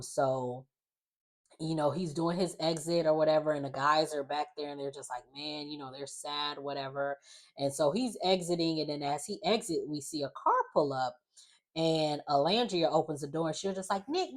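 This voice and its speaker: A woman's voice: low voice, normal speed. A woman recapping a reality show in a casual, chatty vlog, leaning on "like" constantly. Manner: chatty, heavy use of "like", animated quoted voices. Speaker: recap vlogger.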